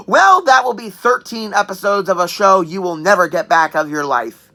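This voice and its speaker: Bright-voiced young woman reviewing games. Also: mid-range voice, lively intonation, a little fast. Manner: chatty, enthusiastic, joking asides; clears throat often. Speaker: game reviewer. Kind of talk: casual spoken review.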